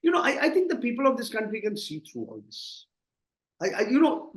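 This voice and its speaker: Man, Indian English accent, high-pitched, emphatic, stumbling restarts, echoey room. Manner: emphatic, repeats words when starting. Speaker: political analyst guest. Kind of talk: impassioned interview commentary.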